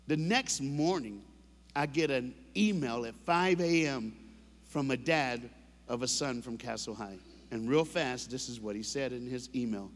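A man's voice: medium pitch, expressive, a little slow, a little hiss or hum. A man giving a comedic motivational speech, telling stories and acting out voices and sound effects. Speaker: motivational school assembly speaker. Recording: echoey hall reverb.

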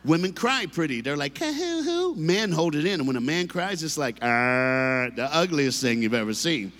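A man's voice: on the high side, expressive, brisk, fairly bright tone. A man giving a comedic motivational speech, telling stories and acting out voices and sound effects. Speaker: motivational school assembly speaker. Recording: echoey hall reverb.

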